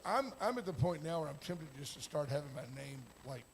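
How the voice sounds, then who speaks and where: An older man hosts a casual morning talk show, spinning jokey stories with acted-out quotes. His voice sits high for a man, with faint ambience behind him. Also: big pitch swings, fast talker, slight background noise.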